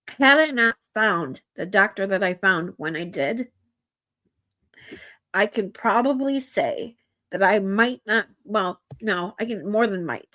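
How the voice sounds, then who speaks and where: Female streamer, mid pitch, earnest and halting delivery to a live chat. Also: sharp tone. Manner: earnest, heartfelt, halting with restarts.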